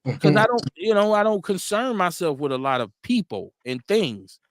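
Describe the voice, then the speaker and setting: Laughing often and going over the same points again, a male host on a casual stream reads out audience comments and answers them plainly. He speaks high and very animatedly at a moderate pace, captured in clean studio sound without echo.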